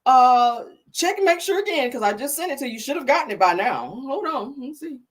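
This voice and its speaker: A woman's voice: sits high, very animated, fairly quick. A woman putting on a flustered male office worker who gives nervous, fussy instructions.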